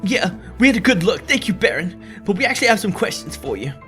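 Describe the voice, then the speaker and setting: A man's voice: sits high, quick pace, soft background music. A man casually commenting on a game and reading the hero's lines aloud. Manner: animated, chatty, reads lines aloud. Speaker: let's play host.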